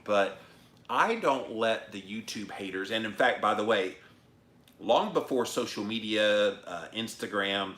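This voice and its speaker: A middle-aged man hosts a casual live stream in an animated, emphatic way. His voice sits low but sounds bright and forceful. The room around him is echoey. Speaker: host of a live-stream show. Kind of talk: casual livestream chat reading comments.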